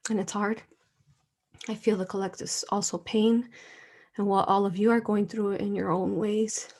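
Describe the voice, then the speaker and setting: A woman hosting a live spiritual talk, speaking with emotion, soft laughs and frequent fillers like "okay" and "you know". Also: mid-range voice, little pitch movement, moderate pace. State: tearful.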